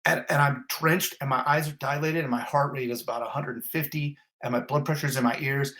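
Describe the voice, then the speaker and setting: A fire captain giving a vivid, blunt first-person account with swearing, in an interview. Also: male voice, medium pitch, steady tone, brisk, sharp tone. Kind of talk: intense first-person retelling.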